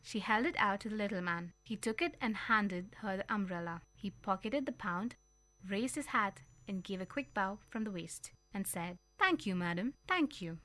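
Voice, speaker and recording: Bright, expressive woman reading a story. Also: mid-range voice, moderate pace, dry recording. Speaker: story reader. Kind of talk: storybook reading on community radio.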